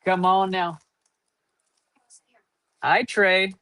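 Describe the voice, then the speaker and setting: A man's voice: high voice, flat delivery, drawn-out words, pushed and bright, no echo. A man hosting a live card-opening stream, rattling off running point totals and hyping up each pull. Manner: running tally of numbers, upbeat hype. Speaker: host.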